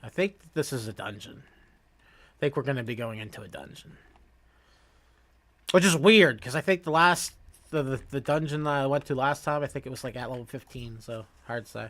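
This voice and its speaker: A man's voice: mid-range voice, a bit bright. A man streaming a game, chatting casually with fillers and restarts and joking about his own reading. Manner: halting, full of fillers and restarts; self-mocking, laughs at his own reading. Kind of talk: casual game commentary and reading dialogue aloud.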